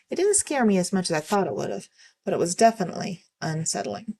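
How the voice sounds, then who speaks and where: A woman with a somewhat low voice reading stories aloud for her channel. She keeps a steady, even pace and now and then trips over a word and corrects herself. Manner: steady, even-paced reading with occasional slips.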